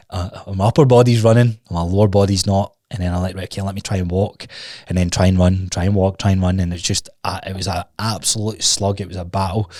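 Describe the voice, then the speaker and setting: A man's voice: low-pitched, darkish tone, no echo, clean studio sound. A man hosting his own podcast, telling a personal story in a candid, rambling way, restarting sentences and swearing casually. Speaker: podcast host. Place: recording studio.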